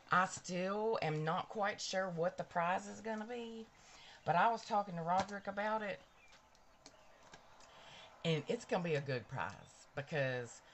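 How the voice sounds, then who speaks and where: Middle-aged woman, live-stream makeup host, chatty and effusive, lowish voice with lively swings. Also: slight background noise. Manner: gushing, chatty, talks straight to viewers. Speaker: livestream host. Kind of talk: casual live-stream chat while doing makeup. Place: at home. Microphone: cabled mic near a ring light.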